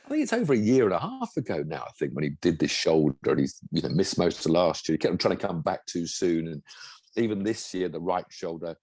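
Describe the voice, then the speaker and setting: A man's voice: low-pitched, sing-song, quick pace, a little mellow, slightly rough, no echo. A man, a former racing driver, co-hosting a casual motorsport chat, enthusiastic and rambling, full of restarts. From England.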